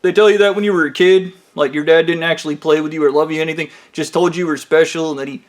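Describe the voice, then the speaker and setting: A man with a notably high voice tells a rambling story from his own working life. His delivery is casual, crude and mocking, full of fillers and asides. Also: steady tone, fast talker.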